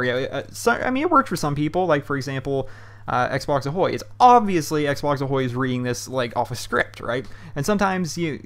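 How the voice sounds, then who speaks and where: A man from Pennsylvania who is a gaming YouTuber, answering viewer questions in a loose, rambling way with lots of fillers over gameplay. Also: mid-range voice. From Pennsylvania, USA.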